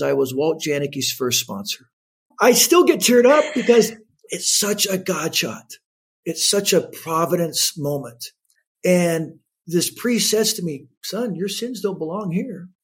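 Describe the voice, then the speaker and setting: A man in his fifties with a slightly raised, husky voice tells a personal story with energy. He jumps into the voices of the people in it as he goes, shifting his delivery for each quote. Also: fairly high pitch. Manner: animated storyteller acting out quotes. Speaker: guest. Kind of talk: storytelling in an interview.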